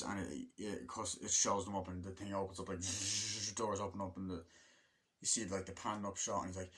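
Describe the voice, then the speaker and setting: Rambling, swearing young-sounding male film fan. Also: low-pitched. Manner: rambling and excitable, swears often, many fillers like "like"; acts out movie lines in quick put-on voices. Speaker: film reviewer. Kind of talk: casual rambling film review.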